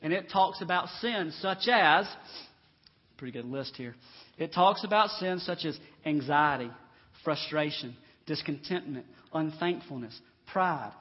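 A man preaching in a church, with a fairly high voice that sounds slightly husky. He swings between loud, emphatic declarations and quiet, confiding asides. The recording is dull and lo-fi, with a long reverb tail from the sanctuary. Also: a little slow. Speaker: pastor. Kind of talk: sermon.

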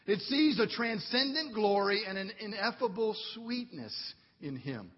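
A man with a high, husky voice preaches in a church sanctuary, earnest and unhurried. His delivery swells into fervent emphasis at key points. The recording is dull and carries a long hall reverb. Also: expressive. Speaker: pastor. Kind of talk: sermon.

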